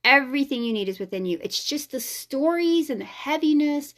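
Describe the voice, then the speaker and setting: Emphatic, fairly high-voiced woman healer. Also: animated, a little fast, a bit bright. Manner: frank and emphatic, swears freely. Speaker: energy healer and host. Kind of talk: casual spiritual vlog talk.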